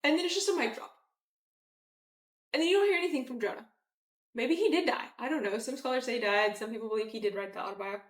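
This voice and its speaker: A woman teaching a casual Bible study, chatty and animated, with many fillers and acted-out quotes. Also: a little high, quick pace, long pauses, echoey room, recorded from a distance.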